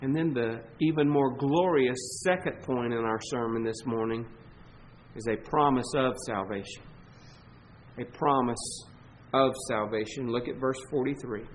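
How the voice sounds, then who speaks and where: A man with a Southern US accent preaching a sermon as pastor, emphatic, stretching key words and swinging between loud and soft. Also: mid-range voice, a little hiss or hum, rough recording. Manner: emphatic preaching, swelling and dropping in volume, slow stressed words.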